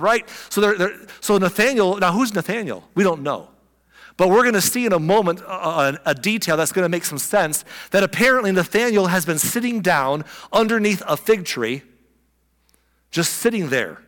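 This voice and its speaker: A man preaching a sermon, telling a story with lively expression and acting out the people in it. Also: sits high, moderate pace, in a large hall. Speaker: pastor.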